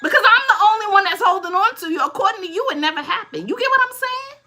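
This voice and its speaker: A woman's voice: very high-pitched, animated, fast talker, sharp tone, faint music behind. A woman in her fifties, a tarot reader hosting casual advice talk, emphatic and always asking if you follow. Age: 50s.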